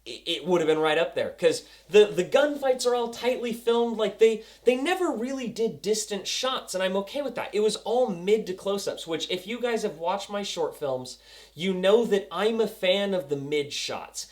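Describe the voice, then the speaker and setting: Young male TV reviewer, casual and excitable, acts out the action with sound effects. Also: high voice, normal speed. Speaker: TV episode reviewer.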